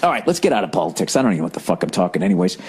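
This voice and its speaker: A man's voice: deep voice, big pitch swings, very fast, darkish tone, slightly rough. A man hosting a podcast, delivering a rambling, profane, exasperated comedic rant. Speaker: podcast host.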